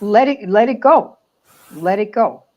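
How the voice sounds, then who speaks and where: A woman in a casual group discussion, speaking in a calm, matter-of-fact way. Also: medium pitch, unhurried. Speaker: guest. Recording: dull lo-fi sound.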